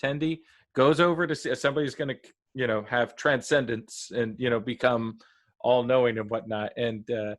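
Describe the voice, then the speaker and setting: A man co-hosting a casual review chat, talking in a rambling, halting way with lots of fillers and lively quoted asides. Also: mid-range voice. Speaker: podcast co-host reviewing a TV episode.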